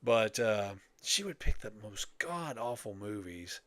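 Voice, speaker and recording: A man's voice: fairly low pitch, sing-song, unhurried, a bit bright, no echo. An older man co-hosting a podcast, chatting casually in a rambling, wry way and laughing often. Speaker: podcast co-host. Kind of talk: casual chat.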